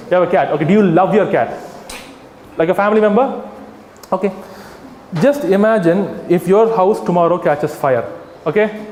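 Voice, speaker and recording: A man, an animal rights activist, giving an animated talk to a live audience and addressing them directly. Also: sits high, slight background noise. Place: hall with an audience. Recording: echoey hall, faint ambience.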